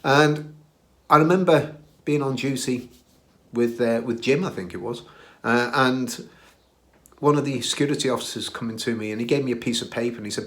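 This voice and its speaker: A man's voice: mid-range voice, normal speed, long pauses. Middle-aged man, British accent, casual storytelling, self-deprecating, filler "uh"s, mid-range voice. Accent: British English. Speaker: podcast host recounting his career.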